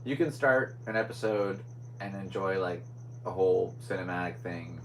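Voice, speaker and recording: A young man talks his way through a casual solo podcast, drifting from one thought to the next. His voice sits on the low side. A faint hum runs quietly behind him. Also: fairly even intonation, normal speed, low-quality recording. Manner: rambling, scatterbrained. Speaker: podcast host.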